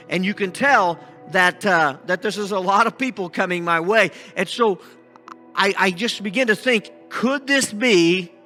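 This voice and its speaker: A man acting out a scheming blind beggar in a first-person sermon monologue, halting and restarting often, with faint music behind him. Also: high voice, full character voice. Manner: halting with many restarts, shouting out pleas. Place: church sanctuary.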